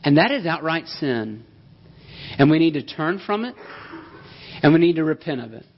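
Man preaching with lively emphasis. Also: fairly high pitch, moderate pace. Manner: emphatic, conversational preaching with rhetorical questions. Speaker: pastor. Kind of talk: sermon. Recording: dull lo-fi sound.

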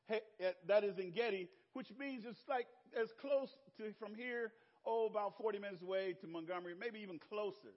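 An older Southern American pastor preaching with a high voice. He tells stories with laughter, swinging between booming lines and hushed ones. The audio is dull and lo-fi. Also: lively intonation, a little fast. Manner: storytelling with laughter and sweeping shifts in loudness. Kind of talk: sermon.

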